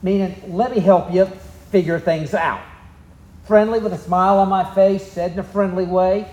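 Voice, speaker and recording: A pastor with a Southern US accent preaches a sermon, telling the story in a folksy, easygoing way with drawling asides. His voice is high-pitched, steady, and a little mellow, at a moderate pace. The sound is roomy.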